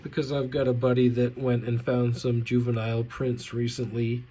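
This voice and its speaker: A man's voice: mid-range voice, completely flat delivery, moderate pace, mellow, breathy edge. A man ranting in a vlog, angry and sarcastic, swearing heavily. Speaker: vlogger.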